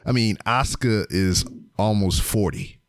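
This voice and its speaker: A man's voice: fairly low pitch, unhurried, background noise. A man co-hosting a casual wrestling podcast, talking loosely with trailing fillers and casual swearing. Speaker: podcast co-host. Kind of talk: casual chat.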